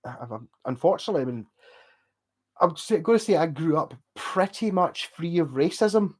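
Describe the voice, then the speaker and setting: A man with a Scottish Glasgow accent rambling in animated casual chat with his livestream viewers, swearing and laughing as he goes. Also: on the high side, moderate pace. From Scotland. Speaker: streamer chatting with viewers.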